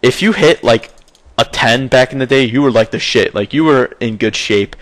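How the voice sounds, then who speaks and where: A man's voice: mid-range voice, moderate pace, no room sound. A young man chatting casually about his gaming memories, rambling with lots of fillers and frequent swearing. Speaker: gaming video maker. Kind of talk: casual nostalgic gaming chat.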